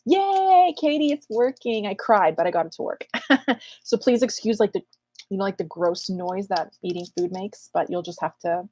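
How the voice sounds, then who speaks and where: A woman's voice: medium pitch, lively intonation, moderate pace, a little mellow, no room sound. A woman astrologer hosting a live Q&A, chatting playfully and calling out viewers' names while getting over an illness. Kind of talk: casual livestream chat.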